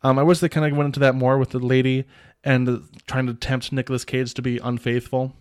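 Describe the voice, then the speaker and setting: Talking fast in a clear, resonant, mid-range voice with a level tone, a man reviews a film on his podcast. The recap is casual and rambling, full of filler "like"s and restarts, and he often chuckles.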